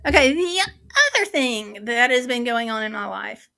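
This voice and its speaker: A woman with a drawl chats loosely with her viewers from her home office. Her voice sits high and sounds bright and forceful. She drifts from one thing to the next in a friendly, unplanned ramble. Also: animated, moderate pace, vocal fry. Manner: rambling, chatty, easily sidetracked. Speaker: livestream host. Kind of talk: casual livestream chat.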